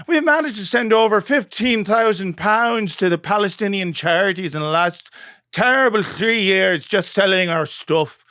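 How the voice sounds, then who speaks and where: A man voicing a middle-aged woman knitter, reading her message in a put-on Derry accent with a high, chirpy voice. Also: a bit bright, dry recording, studio quality.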